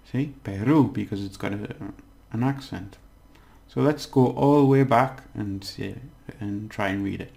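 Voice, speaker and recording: A man teaching a casual language lesson, patiently breaking down words and slowly overpronouncing the examples. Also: mid-range voice, vocal fry, mellow.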